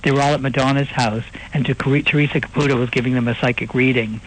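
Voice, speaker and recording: A man guesting on a radio interview, playful and quick with joking asides. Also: mid-range voice, steady tone, slight background noise, low-quality recording.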